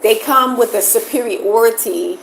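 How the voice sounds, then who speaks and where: A woman's voice: a little high, normal speed, gravelly, roomy sound, a little hiss or hum, rough recording. A woman from the United States chatting casually on a livestream, emphatic and repeating phrases for stress, answering viewers. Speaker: vlogger answering live chat.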